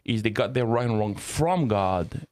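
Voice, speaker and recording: A man with a lowish voice hosts a casual Christian talk show, working through ideas aloud and restarting phrases as he explains. The sound is dry and close to the mic. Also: animated, unhurried, darkish tone, no room sound. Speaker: host and ethics teacher.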